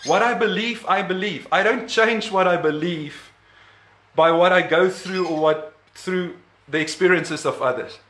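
A man with a high, bright voice preaches a sermon at an unhurried pace. He leans hard on key words, repeating them for emphasis and chuckling between points. His voice rings through an echoey hall.

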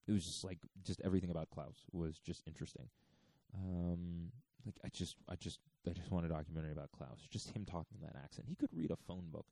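A man's voice: low voice, fairly even intonation, quick pace, gravelly, dark tone, dry recording. A man in his thirties casually telling a story, rambling with lots of fillers. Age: 30s.

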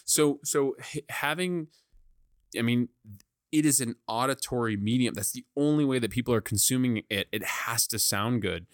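Excitable male podcast guest, dry studio mic. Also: medium pitch, dry recording. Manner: excitable, quick bursts of speech. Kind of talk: casual chat. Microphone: studio mic with pop filter on a swinging arm.

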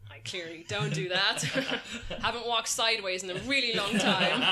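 A woman stand-up comedian from the Netherlands chatting in an interview, animated and self-mocking, laughing often. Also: fairly high pitch. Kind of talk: casual interview chat.

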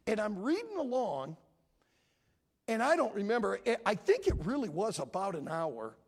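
A man's voice: high-pitched, wildly swooping pitch, normal speed, breathy edge. A middle-aged man, a pastor, preaching a sermon and telling an emotional personal story with dramatic swings in his voice. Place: church.

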